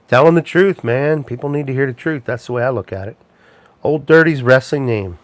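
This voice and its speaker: A man's voice: mid-range voice, fairly quick, no room sound. A man hosting a casual livestream chat, rambling and chuckling, with plenty of ums and restarts. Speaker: live show host.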